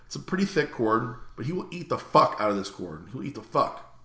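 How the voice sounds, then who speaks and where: A man's voice: medium pitch, very animated, brisk, a bit bright, reverberant. A young man co-hosting a podcast in loose, profane, joking casual chat. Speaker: podcast co-host.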